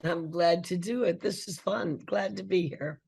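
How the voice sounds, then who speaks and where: An older woman, a guest actress, telling lively stories in an interview and acting out the dialogue, with a husky voice. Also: fairly low pitch, a little slow. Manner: lively storyteller who acts out dialogue. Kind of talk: animated storytelling interview.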